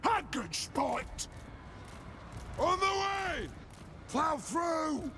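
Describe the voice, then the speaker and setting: A man voicing gruff male dwarf soldiers who bark short battle cries, as video game unit voice lines. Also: extremely high pitch, expressive, drawn-out words, heavily acted. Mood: shouting commands. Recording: loud battle noise behind.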